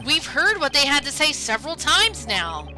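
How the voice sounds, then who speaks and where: A woman's voice: high voice, big pitch swings, moderate pace, pitched above the performer's own voice. Jersey-accented woman voicing a young male defense attorney, emphatic, strong game music behind. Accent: New Jersey. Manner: emphatic, triumphant courtroom statements read aloud.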